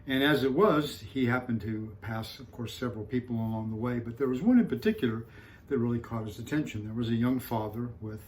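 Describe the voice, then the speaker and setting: A male pastor preaching a sermon, telling a story calmly with frequent pauses and fillers before turning to scripture. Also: medium pitch, slight background noise, low-quality recording. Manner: calm storytelling with frequent fillers, rising for punchlines.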